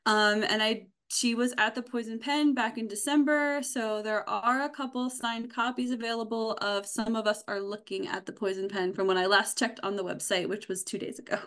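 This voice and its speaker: A woman's voice: on the high side, fairly even intonation, normal speed, few pauses, a bit bright. A woman from a bookstore team chatting casually and enthusiastically about books she recommends, with frequent ums and restarts. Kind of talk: casual book recommendation chat.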